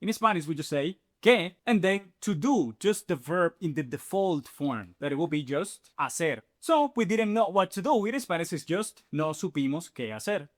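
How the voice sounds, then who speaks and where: A man teaching a Spanish grammar lesson in an energetic, step-by-step way, often checking in with "okay?" and "right?". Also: high-pitched, moderate pace, few pauses. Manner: explains step by step, addressing viewers as "you guys". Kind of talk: online language lesson.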